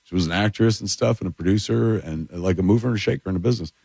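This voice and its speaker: A man, a filmmaker guest telling animated, rambling stories in a casual studio chat. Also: on the low side, racing, gravelly, breathy edge, no room sound. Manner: animated, rambling anecdotes with lots of "like" and "dude". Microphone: radio studio mic.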